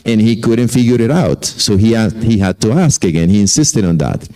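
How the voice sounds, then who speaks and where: A man's voice: lowish voice, animated, moderate pace, hardly any pauses, mellow, low-quality recording. A man lecturing to teachers, telling anecdotes and often repeating and correcting himself. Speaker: conference speaker.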